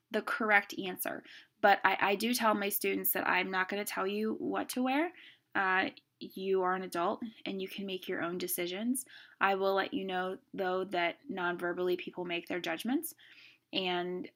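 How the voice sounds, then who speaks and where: A middle-aged woman teaching a class on speaking, brisk and emphatic, demonstrating stress and pauses as she goes. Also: medium pitch, bright, forceful tone. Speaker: speech instructor. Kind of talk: classroom lecture.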